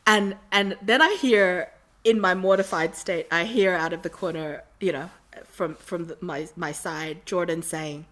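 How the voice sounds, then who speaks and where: A woman guest on a podcast, telling a story in a casual, animated way and acting out the quotes. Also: mid-range voice, unhurried.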